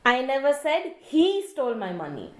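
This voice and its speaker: A woman reads one sentence aloud again and again, putting the stress on a different word each time. Her voice is high and varied. The recording has noticeable room echo. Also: huge pitch swings, moderate pace. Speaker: demonstration helper. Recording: echoey room.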